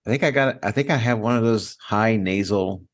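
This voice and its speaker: A man's voice: lowish voice, fairly quick. A man co-hosting a casual podcast, speaking into a studio microphone and joking about himself with frequent laughs. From Maryland, USA. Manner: self-deprecating, joking, laughs often. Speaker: podcast co-host. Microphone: studio microphone with headphones.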